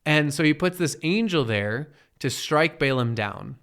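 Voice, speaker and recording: A man's voice: fairly high pitch, animated, unhurried, a bit bright, clear, resonant tone. A man giving a casual Bible teaching in a conversational way, often checking in with "right?" and acting out quoted characters. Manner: acts out quoted characters in the retelling.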